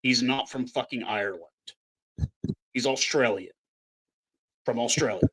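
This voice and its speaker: A man's voice: mid-range voice, measured pace, fairly bright tone, breathy edge. A man from Canada co-hosting a casual podcast, talking bluntly and ranting with plenty of swearing. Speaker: podcast co-host. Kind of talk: casual chat.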